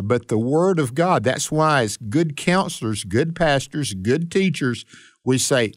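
A man's voice: mid-range voice, a little slow, no room sound. Man, radio bible study host, preacherly and earnest, dry close studio sound.

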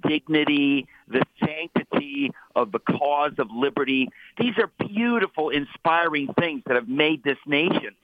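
A man's voice: a little high, no room sound. Emphatic man on a tinny phone line. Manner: emphatic, mocking, repeats words. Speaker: guest author. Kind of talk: heated talk show commentary.

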